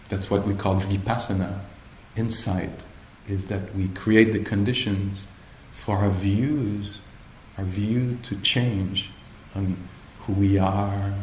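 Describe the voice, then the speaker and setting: Slow, searching male meditation teacher. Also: fairly low pitch, a little mellow, slight background noise. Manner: slow, hesitant, searching for words. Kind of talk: retreat dharma talk. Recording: echoey room, faint ambience.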